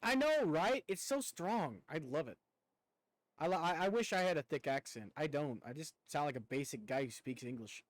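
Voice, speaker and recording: Young male streamer, slight rural twang, lively pitch, rambling casual talk. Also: normal speed, no room sound, low-quality recording. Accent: rural American Southern twang. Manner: rambling, talkative, casual swearing. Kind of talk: casual chat with viewers while gaming.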